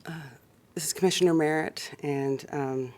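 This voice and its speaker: A man, a city commissioner, giving halting, warm thanks at a public meeting, with light laughs along the way. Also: a little high, fairly even intonation. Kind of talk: public meeting farewell remarks.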